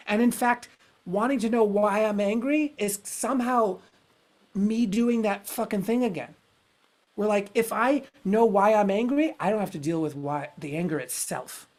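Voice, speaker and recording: A man's voice: high voice, animated, normal speed, darkish tone. Frank, rambling male podcast host. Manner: frank, rambling, swears freely. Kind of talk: casual reflective conversation.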